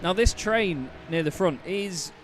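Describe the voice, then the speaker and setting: A young man commentating a sim race live, chatty and quick to laugh with his co-host. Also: high voice, lively intonation, slight background noise. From Britain.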